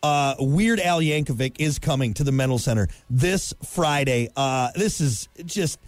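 A man hosting a morning radio show, bantering casually and reading event plugs in a quick announcer patter. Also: mid-range voice, no room sound.

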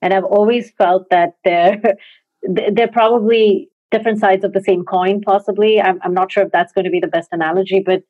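A woman's voice: medium pitch, steady tone, moderate pace. Woman interviewer over a tinny line. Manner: encouraging, with short reactions and laughs. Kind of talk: casual interview.

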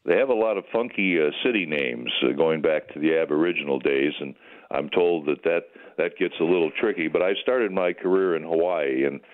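An older man, a retired sports broadcaster, calls in by phone to reminisce in interview answers, folksy and chatty with many fillers and restarts. His voice is extremely low and brisk, heard over a tinny phone line.

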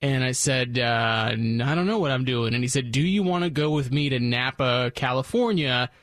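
A man's voice: medium pitch, normal speed, fairly bright tone, dry recording, clean studio sound. A man hosting a radio show, telling a long self-deprecating story in casual banter. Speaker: radio host.

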